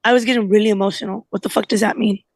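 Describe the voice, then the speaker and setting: A young woman co-hosting a podcast, telling a story in an animated, casual way and swearing often. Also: mid-range voice, racing, no room sound. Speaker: podcast co-host. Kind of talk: casual chat.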